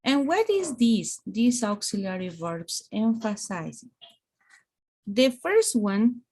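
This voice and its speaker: A woman whose first language is Spanish teaches an English grammar lesson on a video call, speaking slowly in a fairly high, slightly mellow, husky voice with big pitch swings. She's patient, explains step by step, and checks in with frequent "okay"s.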